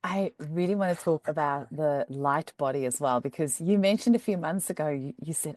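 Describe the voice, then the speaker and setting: A woman hosting a podcast, speaking in an animated way with laughter. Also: fairly low pitch, moderate pace, hardly any pauses, dry recording, studio quality. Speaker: podcast host. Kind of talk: interview conversation.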